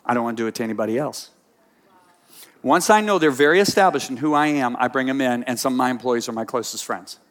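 A man preaching a sermon as pastor, telling stories in an animated way that swings between quiet asides and emphatic points. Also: medium pitch, quick pace.

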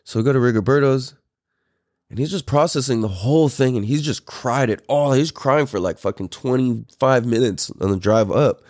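A man's voice: mid-range voice, normal speed, a little mellow, no room sound, studio quality. A man in his thirties hosting a podcast, telling a story in a rambling, profane way with many fillers. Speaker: podcast host. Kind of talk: casual storytelling.

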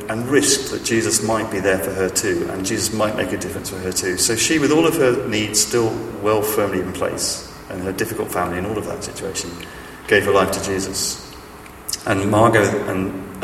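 Heard from far off the mic in an echoey hall, a man with a lowish voice gives a conversational sermon packed with stories. Slight background noise is present, and his self-deprecating humor comes with many fillers and restarts.

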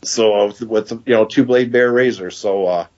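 As a podcast guest, a man tells a long, folksy story, performing the dialogue and laughing along the way. His voice is fairly low and darkish, delivered at a moderate pace. The audio is dull and lo-fi.

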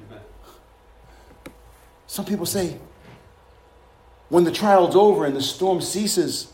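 A male pastor with a high voice preaches fervently and calls out hallelujahs between points. He throws rhetorical questions at the congregation. His voice echoes around a roomy, reverberant room. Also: slow, pauses often, darkish tone. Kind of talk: sermon.

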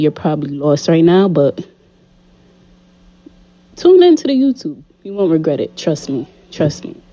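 A woman's voice: low-pitched, mellow. A woman hosting her podcast in a casual monologue, playful and repeating herself as she talks straight to her listeners, a little out of breath. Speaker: podcast host. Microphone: studio condenser mic.

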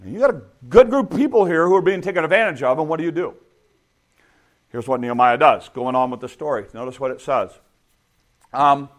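A man's voice: mid-range voice, fast. A middle-aged man preaching a sermon in a conversational way, asking his listeners rhetorical questions. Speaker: pastor.

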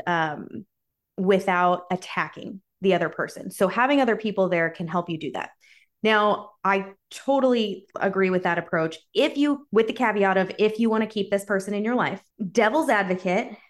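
Lady giving wedding advice, candid and chatty, mid-pitched voice. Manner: candid, chatty, uses y'all. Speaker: podcast co-host. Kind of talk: casual advice chat.

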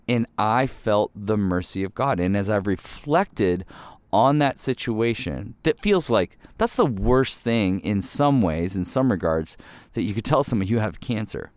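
A man's voice: on the low side, expressive, normal speed, darkish tone, no echo. A man hosting a devotional podcast, speaking earnestly and with emphasis, his voice jumping up on key words.

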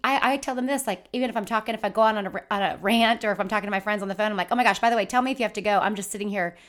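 A woman's voice: mid-range voice, rapid-fire, a bit bright. A woman co-hosting a casual chat podcast, chatty and trailing off into tangents. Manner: chatty, trails off and restarts, quotes movies. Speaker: podcast co-host.

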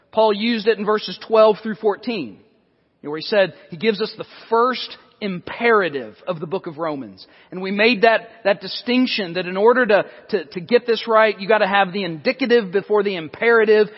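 A male pastor preaching an expository sermon in a church, his voice sitting high. He talks conversationally, restarting phrases and adding asides. The recording is dull and lingers in a long sanctuary reverb.

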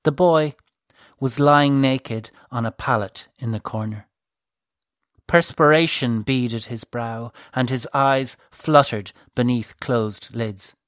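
A narrator reads a fantasy novel with slow, deliberate pacing and even, measured phrasing. The sound is close and completely dry, with no room around it. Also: mid-range voice, no echo. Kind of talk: scripted audiobook narration.

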